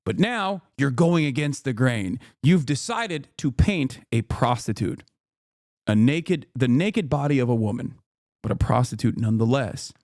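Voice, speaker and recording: A man's voice: medium pitch, animated, a little slow, a little mellow, no room sound, studio quality. A man streaming reaction commentary, ranting emphatically with plenty of profanity.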